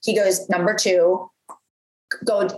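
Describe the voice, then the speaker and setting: A woman in her thirties telling a story from her career in a casual, animated way, full of fillers and acted-out quotes. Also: mid-range voice, slow. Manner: animated, lots of "like", acts out quoted voices. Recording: roomy echo.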